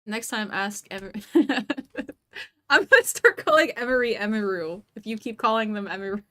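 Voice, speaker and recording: A woman's voice: medium pitch, lively intonation, normal speed, fairly bright tone. Giggly, chatty woman streamer. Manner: chatty, giggly, distracted, talking to her cat. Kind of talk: casual livestream chat.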